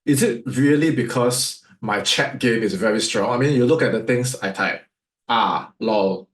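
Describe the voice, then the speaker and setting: A man with a Singaporean English accent teaches sales, firing question after question at his audience. His voice sits at an ordinary pitch for a man. The sound bounces around an echoey room. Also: a little slow. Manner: rhetorical, fires off questions at listeners. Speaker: sales coach.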